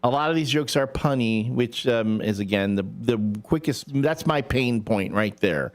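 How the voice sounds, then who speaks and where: A man's voice: medium pitch, normal speed. A man hosting a local morning radio show, chatting casually and joking with his co-host. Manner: animated, jokey, breaks into silly voices. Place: radio studio.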